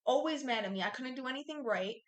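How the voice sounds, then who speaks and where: A woman's voice: high voice, animated, fast. A young woman co-hosting a podcast, telling a story in blunt, profane, casual talk. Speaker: podcast co-host. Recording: echoey room.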